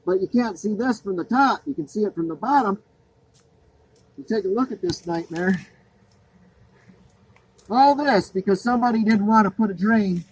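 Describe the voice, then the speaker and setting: Crawling beneath a home, a man angrily and sarcastically rants about a botched install in this annoyed walkthrough vlog. He speaks at normal speed with long pauses, in a high voice with a darkish tone. The poor-quality audio carries a little hiss or hum.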